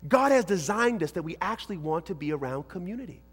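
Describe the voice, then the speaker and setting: High-voiced animated male preacher in a hall. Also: quick pace, breathy edge. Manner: animated, shifts between shouting and hushed asides. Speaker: youth pastor. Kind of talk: lively sermon to young people. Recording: hall reverb.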